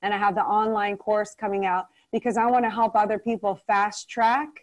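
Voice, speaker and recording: A woman guest in an interview, telling a story with lively acted-out quotes. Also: medium pitch, a little fast, rough recording. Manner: animated storyteller acting out quotes.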